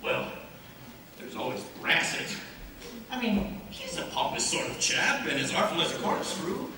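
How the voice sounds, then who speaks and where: A male actor playing an excitable, bossy young college gentleman in a stage play, speaking theatrically, recorded from far off in an echoey hall. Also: on the high side, unhurried, noisy background. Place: school stage in a large hall.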